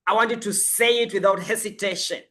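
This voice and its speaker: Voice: medium pitch, fairly even intonation, a little fast, a bit bright. A life coach giving a motivational coaching talk, emphatic and repeating affirmations over and over.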